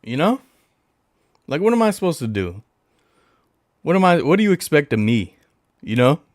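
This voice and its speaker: A man chatting on a livestream with a voice that swings hugely up and down, sitting a little higher than most men's. He is playful and talks straight to his viewers, repeating lines for emphasis. The sound is close and dry. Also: moderate pace, no room sound. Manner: animated, talks about himself in the third person; playful, blows kisses into the mic. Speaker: livestream host. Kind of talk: casual livestream chat.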